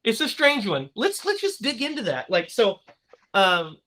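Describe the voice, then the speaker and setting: Lively, bright-voiced man chatting. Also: high-pitched, a little slow. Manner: lively, laughs often. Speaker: podcast host. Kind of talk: casual chat.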